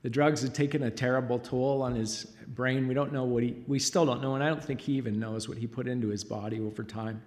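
A middle-aged father giving an emotional church testimony, halting and choked up, with frequent pauses and fillers. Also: mid-range voice, fairly even intonation, darkish tone. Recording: long reverb of a large hall.

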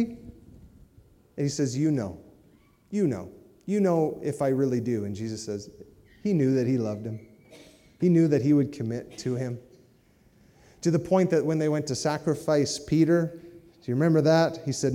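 A man delivers a sermon in a relaxed, conversational style and keeps drawing his listeners in with quick checks. His voice sits a little high for a man but has a very dark, mellow tone. The sound rings out with the long tail of a large hall. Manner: conversational preaching, with asides like "right?" and "amen?". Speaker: pastor.

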